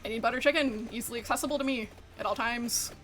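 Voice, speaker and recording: A woman's voice: on the high side, fast talker, a bit bright, soft background music. A woman streaming a game as a VTuber, chatting casually, giggling a lot and swearing freely. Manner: giggly, chatty, often breaks into laughter. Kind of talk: casual chat while gaming.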